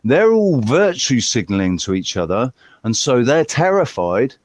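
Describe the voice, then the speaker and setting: A man rambling through a casual live chat, animated and loose, swearing here and there. He slips into little acted-out voices as he talks. His mic is close and dry. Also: medium pitch, moderate pace, no room sound. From Western Australia. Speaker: channel host in live group chat.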